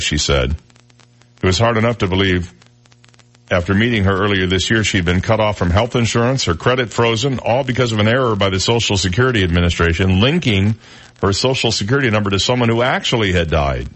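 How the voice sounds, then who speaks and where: A male radio host with a fairly low voice, talking casually and reading the news. He is chatty and wry, and he slips joking asides into the stories. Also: a little fast, a bit bright.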